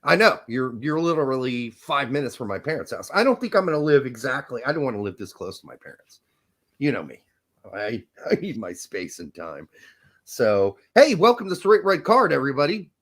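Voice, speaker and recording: A man's voice: medium pitch, very animated, brisk, a bit bright. A young man hosting a podcast, rambling energetically and joking with frequent laughs. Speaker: podcast host. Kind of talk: casual chat.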